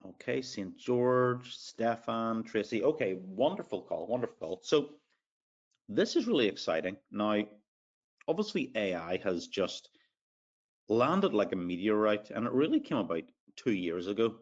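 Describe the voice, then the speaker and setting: The audio is dull as an Irish man with a lowish voice hosts a live sales webinar at a measured pace, his pitch swinging widely. His chatty delivery is full of fillers, and he reads attendees' names aloud as he proceeds.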